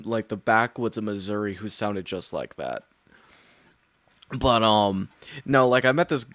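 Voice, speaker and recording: A man's voice: mid-range voice, dry recording. Young guy streamer playing a horror game, swears a lot, rambles with "like", dry close mic. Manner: rambling, swears, heavy filler words. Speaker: gaming streamer. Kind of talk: casual let's-play commentary.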